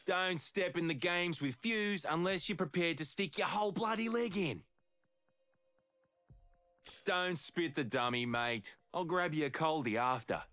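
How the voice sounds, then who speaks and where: An actor with an Australian accent playing a rowdy, boastful older demolitions brawler in video game voice lines, gruff and jokey. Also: male voice, a little high, a little slow, bright, forceful tone, soft background music. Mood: cocky, taunting.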